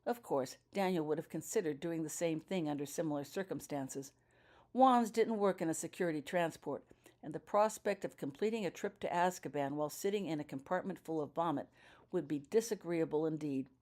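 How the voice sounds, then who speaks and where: A woman narrating her own fan fiction as an audiobook with steady storytelling. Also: low voice, brisk.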